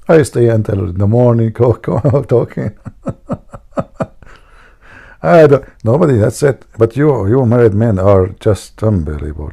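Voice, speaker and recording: A man hosts a livestream, ribbing his viewers and cracking himself up with his own jokes. His medium-pitched voice is mellow and husky, with some vocal fry.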